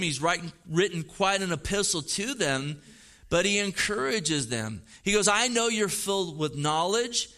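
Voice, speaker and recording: A man's voice: high-pitched, pushed and bright. A middle-aged man preaching a sermon as pastor, earnest and emphatic, repeating phrases as he drives points home.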